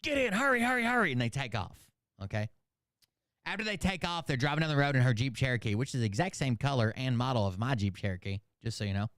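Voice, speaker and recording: A man casually recapping a movie in a profane, animated rant, acting out the characters with sudden shouts. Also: mid-range voice, fast talker, no room sound, studio quality. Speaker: channel host.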